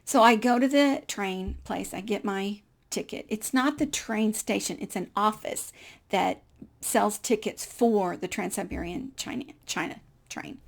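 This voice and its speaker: Gravelly-voiced woman telling a lively story. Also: mid-range voice. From United States. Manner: animated, acts out dialogue, laughs often. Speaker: speaker telling her life story. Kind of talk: personal storytelling.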